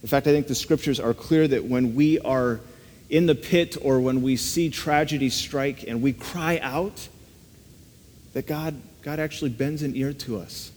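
A man delivers a sermon at an ordinary pitch, earnest and conversational, often pausing on rhetorical questions. His voice rings with the long reverb of a large hall. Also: a little mellow. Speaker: preacher.

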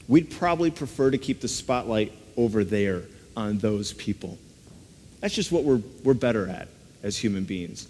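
A man's voice: fairly low pitch, darkish tone. A man preaching a sermon in an earnest, conversational way, often turning statements into rhetorical questions. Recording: long reverb of a large hall.

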